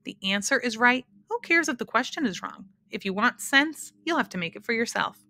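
A prim, excitable male creature of twelve faces lectures in exact, numbers-heavy sentences, as a woman reads him aloud. The voice sits higher than usual, bright and crisp. The storybook reading is recorded close and dry. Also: fairly quick, dry recording. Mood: lecturing. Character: fussy male twelve-faced math creature.

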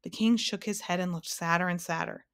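Woman calmly reading a storybook aloud. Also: lowish voice, a little fast, clear, resonant tone. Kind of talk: storybook read-aloud narration.

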